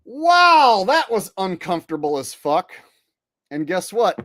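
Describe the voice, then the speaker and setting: A man's voice: high voice, very animated, measured pace, a bit bright, no echo, studio quality. A man hosting a live stream, joking and boasting as he reads out viewer chat. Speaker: streamer host.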